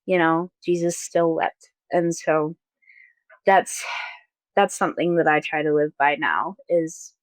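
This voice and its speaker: A young woman telling a painful personal story as a podcast guest, halting and soft, with pauses and fillers. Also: low voice, steady tone, dry recording, low-quality recording.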